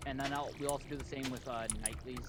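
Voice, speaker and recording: A man chats over a game stream at a middling pitch, patiently telling his friends where to go and what to buy. He leans on "uh" between instructions. Behind him there is a steady hiss of noise and the tap of keyboard typing. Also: quick pace. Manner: directive, patient, gives step-by-step instructions with "uh" fillers. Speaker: streamer leading the farm. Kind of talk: casual game-stream chat.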